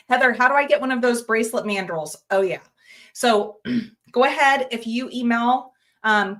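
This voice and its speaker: A woman's voice: medium pitch, a bit bright. A woman hosting a live jewelry-making stream, chatting casually, reading viewer comments aloud and greeting viewers by name. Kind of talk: casual livestream chat with viewers.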